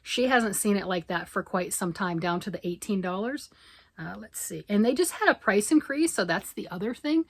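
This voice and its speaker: A woman from Michigan, a yarn vlogger chatting excitedly and fast to camera, rambling off on tangents. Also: mid-range voice, slightly rough, no echo. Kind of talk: casual chat to camera.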